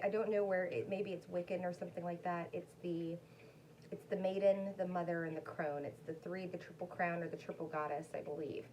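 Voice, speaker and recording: A woman's voice: lowish voice, darkish tone, slight background noise, low-quality recording. A woman doing a casual, rambling tarot card reading, chatting to her viewers. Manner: chatty, rambling, talks to her dog between cards. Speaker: tarot reader.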